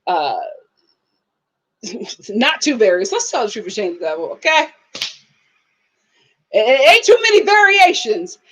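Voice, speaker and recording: A woman's voice: a little high, big pitch swings, a little slow, pauses often, fairly bright tone, slight background noise, poor audio. A young woman, chatting casually on a live stream, reading viewers' comments, laughing often and quoting people in exaggerated voices. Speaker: host of a live TV review stream.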